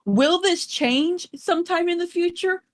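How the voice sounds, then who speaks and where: A woman's voice: very high voice, unhurried, no room sound. A woman narrating as game master, chatty and rambling, laughing often.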